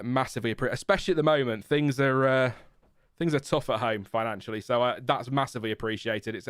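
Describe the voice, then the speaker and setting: A man's voice: medium pitch, clean tone, no room sound, studio quality. A British man hosting a live-stream watchalong, chatting and laughing at himself from home. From Britain. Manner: chatty, self-deprecating, laughs often. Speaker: host. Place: home room. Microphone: headphones with a desk mic.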